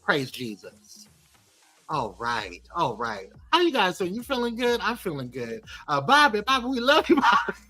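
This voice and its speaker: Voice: medium pitch, wildly swooping pitch, normal speed, bright, forceful tone, faint music behind. A host of a live show, chatting casually in a sassy, teasing, playful way, calling people girl and baby and trading jokes with the crew. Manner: chatty with frequent laughs and restarts.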